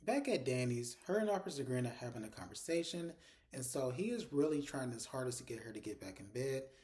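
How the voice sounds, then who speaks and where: Fast-talking man recapping a TV episode. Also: medium pitch, expressive, a little mellow. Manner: chatty retelling that voices the characters' lines, with casual profanity. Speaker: TV episode reviewer. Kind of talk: casual recap commentary.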